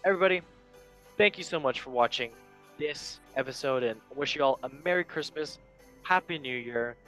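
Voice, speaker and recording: A young man hosts a casual football chat show in a chatty, playful way. He reads memes aloud and laughs at his own jokes. His pitch sits in an ordinary middle range, with faint music playing behind him. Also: normal speed, a bit bright. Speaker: podcast host.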